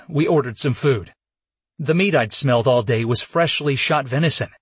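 Husky male narrator, casual first-person fantasy read, dry sound. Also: mid-range voice, dry recording. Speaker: audiobook narrator.

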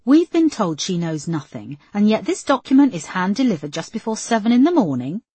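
A woman's voice: medium pitch, very animated, fairly quick, warm tone, husky, no room sound, voice pushed up. A woman voicing a senior policewoman giving urgent, commanding orders. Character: brisk woman police chief inspector.

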